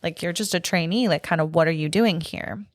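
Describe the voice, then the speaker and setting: Woman, young adult, podcast co-host, casual chatter, filler likes, lowish pitch, dry sound. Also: brisk, no echo. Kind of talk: casual film chat.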